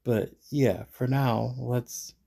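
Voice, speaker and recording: A man reading an interactive fantasy gamebook aloud at a measured pace and thinking his choices through casually, recorded at home. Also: mid-range voice, vocal fry, warm tone. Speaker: gamebook narrator and player.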